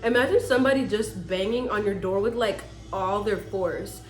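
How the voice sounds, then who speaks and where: Young woman vlogger, mid pitch, chatty and cussing storyteller, roomy echo. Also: moderate pace, faint music behind. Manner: animated, swearing, talks to viewers as sis. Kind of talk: casual storytime.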